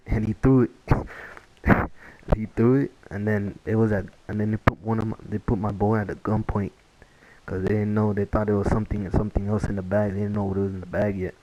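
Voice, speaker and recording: A man's voice: on the low side, flat delivery, fairly quick, a little mellow, lo-fi sound, a little hiss or hum. A young man telling a casual story-time tale, rambling with many fillers and restarts. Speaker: vlogger.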